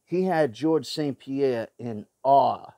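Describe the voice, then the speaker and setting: A man's voice: medium pitch, slow, mellow, no room sound, clean studio sound. A man with a Boston accent hosting his own show, ranting blunt and profane opinions in a rambling way, full of fillers and restarts. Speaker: show host. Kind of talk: casual opinion rant to camera.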